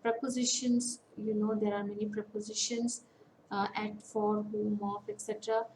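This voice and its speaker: A woman giving an online lecture, slowly listing example words one by one with pauses. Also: mid-range voice, level tone, a little mellow, echoey room, slight background noise, rough recording. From India. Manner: slow, deliberate, lists words one by one with pauses. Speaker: academic counsellor. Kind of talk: online lecture on English phonetics.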